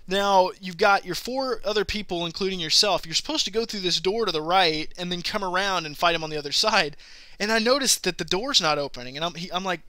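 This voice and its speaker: A man hosting a live gaming show, chatting casually and telling a rambling story with animated quoted voices. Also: high-pitched, fast, no echo. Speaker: podcast host.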